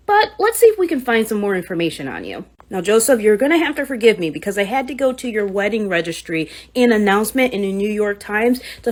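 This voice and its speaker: Sarcastic woman, very lively pitch. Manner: sarcastic, mock-sweet. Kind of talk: casual social media video.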